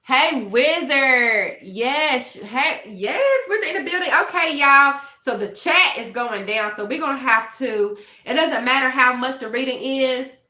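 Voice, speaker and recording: A young adult woman hosting a casual tarot livestream, animated and laughing often as she talks straight to her chat. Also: high voice, measured pace, hardly any pauses, reverberant. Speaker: tarot reader and livestream host.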